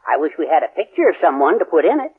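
A man's voice: a little high, very animated, very fast, breathy edge, exaggerated voice. An actor playing a meek, hesitant middle-aged father in a 1940s radio sitcom. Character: meek bumbling father of the family. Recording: tinny old radio broadcast.

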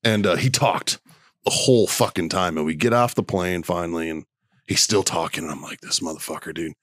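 A man's voice: sits low, moderate pace, a bit bright, dry recording, studio quality. A man in his thirties from the United States, co-hosting a podcast and telling crude, profane stories with lots of laughter. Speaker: podcast co-host. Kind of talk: crude storytelling banter.

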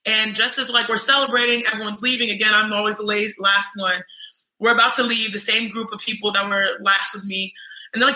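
A young woman telling an animated story in casual chat, acting out other people's voices in quotes. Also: fairly high pitch, fast talker. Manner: lively, mimics voices in quotes, says "you know what I'm saying". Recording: roomy echo.

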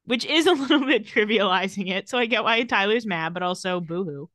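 A woman's voice: medium pitch, a little fast, few pauses, a bit bright, no echo, clean studio sound. A woman co-hosting a casual podcast, retelling TV scenes with quoted lines and frequent laughter. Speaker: podcast co-host. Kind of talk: casual recap chat.

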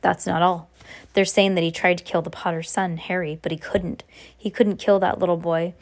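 A woman's voice: lowish voice, little pitch movement, moderate pace, natural voice. A woman voicing a stern, anxious older witch professor who protests fretfully. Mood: distressed.

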